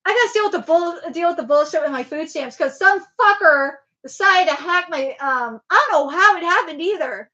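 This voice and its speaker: Casting: young woman streamer, high and bright, rambling and swearing at a webcam. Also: lively intonation, a little fast, few pauses, dull audio. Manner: rambling, swearing, emphatic repeats. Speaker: livestream host. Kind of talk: casual livestream chat. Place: home room with laptop at a desk.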